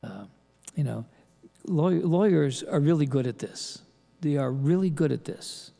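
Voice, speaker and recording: An older man preaching a sermon as pastor, halting with restarts and rhetorical questions. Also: a little high, animated, creaky, dark tone. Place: large church. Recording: long church reverb.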